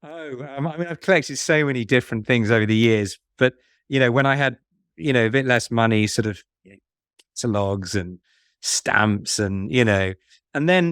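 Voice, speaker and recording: A man talks through his ideas at an ordinary mid pitch, circling back and restarting as he goes. The sound is dry and close, with no room around him. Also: a bit bright, no room sound. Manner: musing, halting, with frequent restarts and fillers. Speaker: fund manager guest. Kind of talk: conversational podcast interview.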